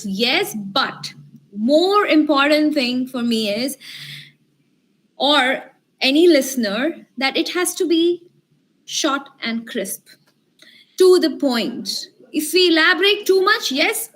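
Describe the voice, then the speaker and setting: A woman's voice: high-pitched, lively intonation, slow pace, fairly bright tone. A woman leading an online workshop, encouraging the group and asking them questions. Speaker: communication skills trainer. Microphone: video call.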